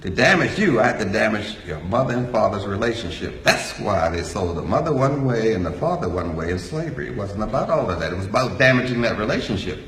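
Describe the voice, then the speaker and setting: A man's voice: fairly low pitch, sing-song, fast, hardly any pauses, a bit bright, slight background noise. An older man giving a folksy, joking talk to a live audience. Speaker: speaker. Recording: echoey hall.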